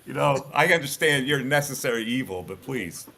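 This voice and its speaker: A man's voice: mid-range voice, normal speed, gravelly. A middle-aged man, a former sports radio host telling stories bluntly in a casual podcast chat. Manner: animated storyteller, blunt, lots of restarts.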